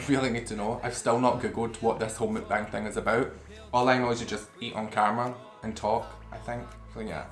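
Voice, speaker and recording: A man's voice: medium pitch, a bit bright, reverberant. A man vlogging casually to camera while he eats, rambling and swearing freely as he talks. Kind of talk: casual eating-show chat to camera. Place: room at home. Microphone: camera facing him.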